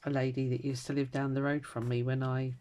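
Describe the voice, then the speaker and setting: A woman in her fifties chatting casually at home as she stitches, rambling from story to story and trailing into quiet mutters. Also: a bass voice, level tone, a little fast. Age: 50s. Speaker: crafter vlogger. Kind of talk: casual chat while stitching.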